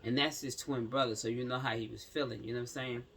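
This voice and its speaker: A man's voice: medium pitch, steady tone, fast, a bit bright, a little hiss or hum. A man reading a news story aloud, stumbling over words and breaking off for slangy asides to his viewers. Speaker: commentary channel host.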